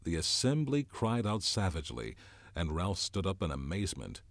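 A man reading a novel aloud in an expressive, dramatic narration. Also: sits low, moderate pace, dry recording.

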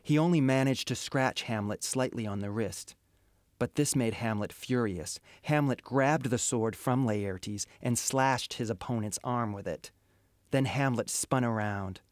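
Male storybook narrator, unhurried and measured, dry studio sound. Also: mid-range voice, dry recording. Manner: slow, measured reading.

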